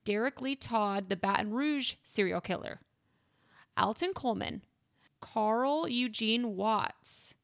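A woman co-hosting a podcast in casual true-crime chat, blunt and quick to swear as she runs through a list of names. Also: a little high, lively intonation, gravelly. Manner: blunt, swears freely, lists names matter-of-factly. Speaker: podcast co-host.

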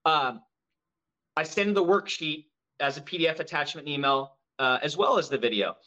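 This is a man guesting in a casual podcast chat about running a mortgage brokerage. He talks with high energy and animated storytelling, and his voice is bright and forceful and sits a little high for a man. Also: normal speed.

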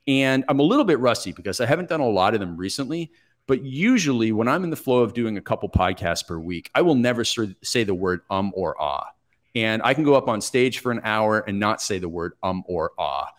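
A man in his forties, a podcast guest telling stories from his life in a reflective, steady, plain-spoken way. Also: fairly low pitch, brisk. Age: 40s. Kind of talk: conversational interview storytelling.

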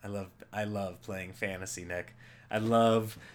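A man, a comedian, rambling casually through his own show, voice lowered by a cold, chatty and jokey, laughing at his own bits. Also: fairly even intonation, unhurried.

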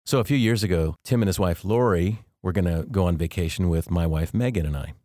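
A middle-aged man with a notably low voice hosts a faith podcast. He tells personal stories earnestly, with gentle humor and slow, weighted phrases. The sound is close and dry, with no room in it. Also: no room sound. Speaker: devotional podcast host. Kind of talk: faith-based storytelling podcast.

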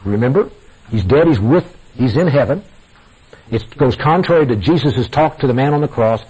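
Emphatic husky man preaching a sermon. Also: mid-range voice, animated, normal speed, mellow, poor audio. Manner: emphatic, repeating phrases for effect, addresses listeners as guys. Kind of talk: sermon to a congregation.

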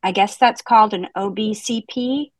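On a rough recording with no room sound, a woman with a mid-range voice speaks at a moderate pace. She hosts a book podcast, reading a scripted intro and then steering a casual book-club chat with dry, self-mocking humor.

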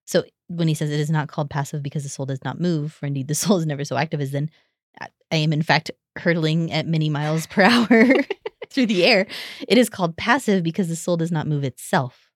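A woman who is a religious sister, co-hosting a faith podcast, animated and quick to laugh, often checking in with "right?". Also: deep voice, no room sound, studio quality. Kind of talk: conversational discussion.

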